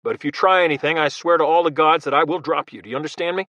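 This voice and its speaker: A man's voice: high voice, normal speed, no room sound, lo-fi sound, voice pushed up. A man voicing a tough, blunt ex-Marine barking orders. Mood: shouting commands. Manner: loud, clipped, forceful commands. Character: tough former Marine hero, adult man, blunt and commanding.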